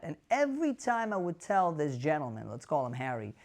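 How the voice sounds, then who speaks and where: A man's voice: a little high, huge pitch swings, a little fast. A man, a physician, telling an emotional story straight to camera in an earnest way, often asking the viewers questions. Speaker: dementia care physician.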